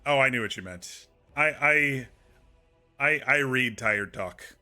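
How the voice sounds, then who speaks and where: A man's voice: mid-range voice, slow pace, sharp tone, faint music behind. A man streaming a game, chatting casually to viewers in a soothing, rambling way with many restarts.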